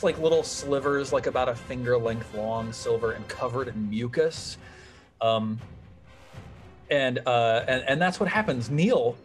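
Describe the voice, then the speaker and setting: A man running an old-school tabletop game as game master, upbeat and animated as he narrates and cheers on the players. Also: mid-range voice.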